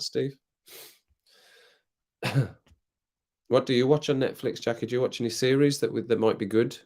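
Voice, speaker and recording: A man's voice: mid-range voice, steady tone, normal speed, long pauses, a little mellow. A British man hosting a casual late-night live stream. He chats loosely with viewers while sipping rum, rambling, laughing often and coughing now and then. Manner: chatty, rambling, laughs often, reads comments aloud. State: drinking rum, occasional coughs.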